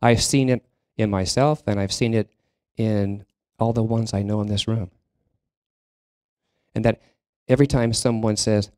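A man delivering a sermon to his congregation in a slow, unhurried cadence, often pausing and restarting mid-sentence. His voice is low and mellow, recorded close and dry with little room sound. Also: fairly even intonation, dry recording. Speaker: minister. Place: church sanctuary.

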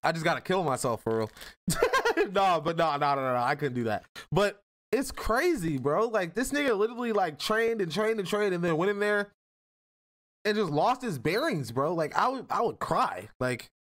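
Man, streamer, casual reaction, slangy, high voice, very expressive. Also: moderate pace. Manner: animated, slangy, laughs often.

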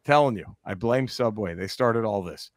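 A man co-hosting a casual comedy podcast, profane and laughing, acting out other people's lines in animated voices. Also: lowish voice, moderate pace, dry recording, clean studio sound. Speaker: podcast co-host.

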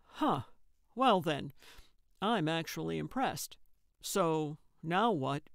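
A woman's voice: sits low, lively intonation, takes it slowly, creaky, dry recording, exaggerated voice. A woman doing a weary grumbling older man. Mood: grudging. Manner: dry and grudging.

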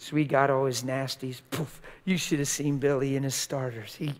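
An older man preaching a sermon, telling a story in a colloquial, animated way and acting out the dialogue. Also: mid-range voice, moderate pace, in a large hall. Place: church sanctuary.

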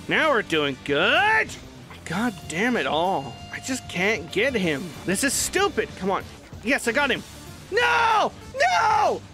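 A man voicing a cheerful young martial arts hero while playing a video game, excitable and yelling when frustrated. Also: very high-pitched, exaggerated voice. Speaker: gaming channel host. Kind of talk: in-character gameplay commentary.

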